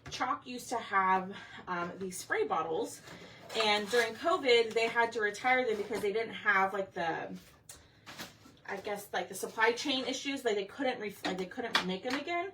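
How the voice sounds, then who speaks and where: A woman's voice: fairly high pitch, moderate pace, distant mic, background noise. A woman hosting a craft livestream, chatty and a bit scattered, out of breath as she talks to viewers. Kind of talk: casual livestream chat. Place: home craft room.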